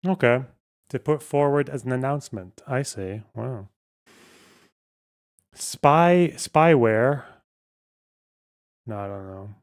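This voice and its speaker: On his casual livestream, a man muses aloud over a word puzzle, muttering and occasionally dropping a swear word. He talks at a normal speed in a medium-pitched voice with a darkish tone.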